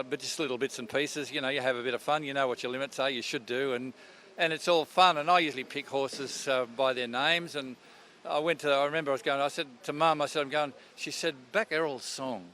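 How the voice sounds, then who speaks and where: An older Australian man who works as a radio presenter is interviewed outdoors at a racetrack, chatting casually in a rambling, storytelling way. His voice is mid-range with a fairly bright tone.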